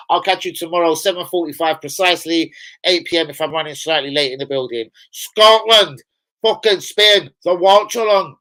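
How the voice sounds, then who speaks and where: A man's voice: sits high, bright, forceful tone, rough recording. Sweary, rambling man hosting a fan stream. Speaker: football fan channel host. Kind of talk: casual livestream chat.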